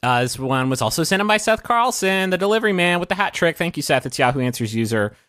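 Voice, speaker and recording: Male comedy podcast co-host, animated wry delivery, dry recording. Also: fairly high pitch, dry recording. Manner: quick, wry quips. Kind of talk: casual comedy podcast banter.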